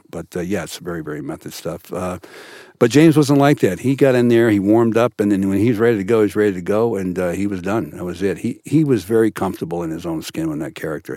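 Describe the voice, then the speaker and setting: An older man, an actor guest in a studio podcast interview, telling stories in an animated way with many restarts. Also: deep voice, dry recording. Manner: animated storyteller, frequent restarts.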